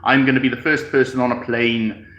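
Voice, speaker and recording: A man's voice: medium pitch, level tone, a little fast, fairly bright tone, dull audio. A man from Wales with a Welsh accent, casually chatting on a live stream from his home, reading out comments, rambling and chuckling as he sips tea. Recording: echoey room.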